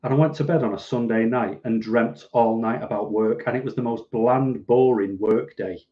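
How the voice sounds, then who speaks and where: Speaking at normal speed with a medium-pitched voice, a Mancunian-accented man from Manchester, England runs a casual livestream. He answers viewer comments in a dry, self-deprecating manner, and the sound is lo-fi.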